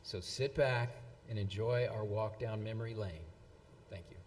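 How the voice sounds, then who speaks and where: Halting man presenting in a hall. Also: lowish voice, very noisy. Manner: halting, many fillers and restarts, reading out quotes. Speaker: event presenter. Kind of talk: speech at a live anniversary event. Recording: long hall reverb.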